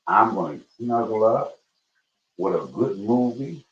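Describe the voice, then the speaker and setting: A man cooking at home on a livestream, chatting to viewers as y'all and breaking into high excited bursts. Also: measured pace. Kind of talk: casual livestream cooking chat. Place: home kitchen. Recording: roomy, dull livestream audio.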